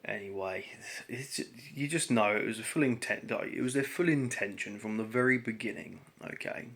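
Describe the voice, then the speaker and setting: Man, gravelly voice, rambling exasperated storytelling, casual vlog to camera. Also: on the low side, a little slow, a bit bright. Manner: rambling, exasperated, full of fillers like "like" and "right?". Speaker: vlogger telling a grievance story.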